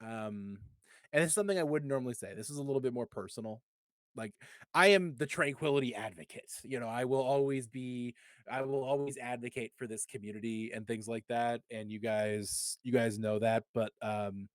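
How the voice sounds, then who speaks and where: A man in his thirties with a mid-pitched voice who talks in an earnest, reflective way and keeps restarting his sentences. The recording is dry and close. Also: moderate pace, no room sound. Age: 30s. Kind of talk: casual podcast chat.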